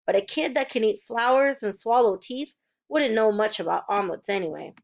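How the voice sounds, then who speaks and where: Woman, reading a children's book aloud, steady storytelling, fairly high voice, muffled lo-fi sound. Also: a little fast, creaky. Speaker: reader. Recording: dull lo-fi recording.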